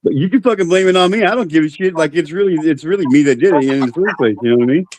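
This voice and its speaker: A man's voice: a little high, rapid-fire, a little mellow. Blunt man over a faintly noisy line. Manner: blunt, profane. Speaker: guest on a stream. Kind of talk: casual chat.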